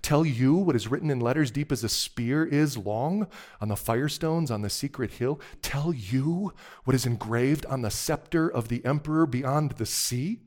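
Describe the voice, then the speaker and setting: A man's voice: mid-range voice, moderate pace, close to an everyday voice. A man voicing the White Witch, a cold, imperious queen who scornfully demands what she claims is hers. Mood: cold, demanding. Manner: commanding, scornful, rising to loud demands.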